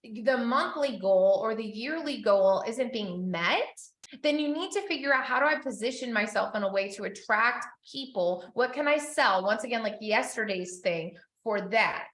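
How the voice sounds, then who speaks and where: A woman coaching business owners in a live session, chatty and animated, acting out the people she quotes. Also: on the high side, moderate pace, reverberant.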